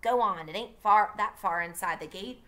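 A woman's voice: mid-range voice, normal speed, pushed and bright, natural voice. A woman voicing a stubborn, tomboyish young girl. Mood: defiant.

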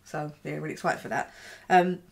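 A woman's voice: sits low, fairly even intonation, a little fast, gravelly. A woman co-hosting a podcast, chatting casually about music with trailing sentences. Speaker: podcast co-host. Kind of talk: casual album review chat.

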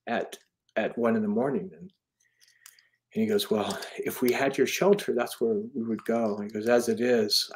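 A middle-aged man, an author being interviewed, telling a personal story earnestly, with frequent restarts and quoted dialogue. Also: medium pitch.

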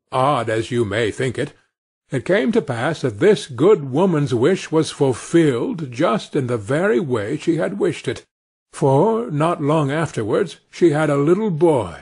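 Husky, lively male storyteller. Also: fairly high pitch. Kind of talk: storybook narration for English learners.

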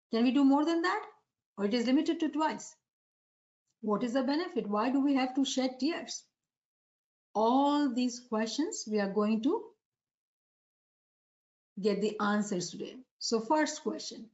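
Woman preacher, high voice, muffled recording. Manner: asks rhetorical questions to the audience. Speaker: religious preacher. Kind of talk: devotional sermon lecture.

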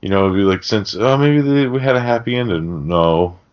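A man's voice: lowish voice, normal speed. A man hosting a podcast, recapping a film in casual chat full of swearing and rambling asides. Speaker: podcast host. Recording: dull lo-fi podcast audio.

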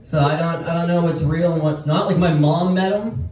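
A young man doing a rambling stand-up set with halting restarts and nervous laughs before a small live audience. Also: on the high side, steady tone, a little mellow. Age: young adult. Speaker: stand-up comedian. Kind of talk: open-mic stand-up set. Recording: very echoey room, distant mic, faint noise.

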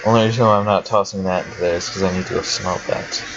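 Low-voiced young man chatting over a game. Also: fairly even intonation, quick pace. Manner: chatty, swears and laughs often, talks to himself. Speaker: let's player. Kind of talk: casual gameplay commentary. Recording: dull lo-fi home recording with faint hiss.

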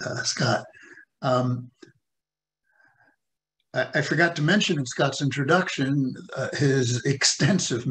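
A man, the co-host of an online discussion, putting a long question to his guest in a halting way with many fillers. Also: mid-range voice, creaky. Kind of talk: interview question.

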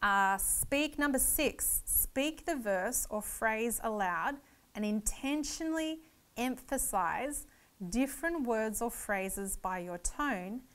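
A woman's voice: fairly high pitch, animated, slow pace. A woman giving a Bible teaching lecture, explaining each point earnestly and step by step.

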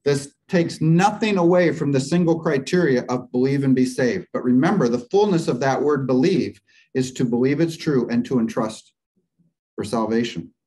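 A man's voice: medium pitch, moderate pace, warm tone, low-quality recording. A man teaching a church Bible class. He walks through Greek grammar step by step and keeps asking the class questions. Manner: asks the class questions and waits for answers.

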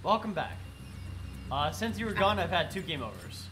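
A man's voice: fairly high pitch, big pitch swings, moderate pace, a little hiss or hum. A man streaming a game live while sick, chatting to viewers and swearing at the game. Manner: swears and yells at the game, chats with chat. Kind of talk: live gameplay commentary.

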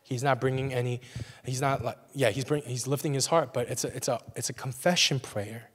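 A man's voice: mid-range voice, steady tone, fairly quick, slightly rough. A young man preaching a sermon as a pastor in a conversational way, often checking in with "right?". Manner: conversational, frequent "right?" asides. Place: church sanctuary. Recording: long reverb of a church hall.

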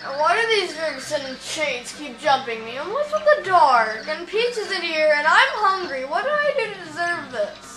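A woman voicing a blustering, hot-tempered male turtle-monster king, with whiny, shouty bluster. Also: high-pitched, big pitch swings, moderate pace, few pauses, voice pushed up. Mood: indignant. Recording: roomy, game music behind.

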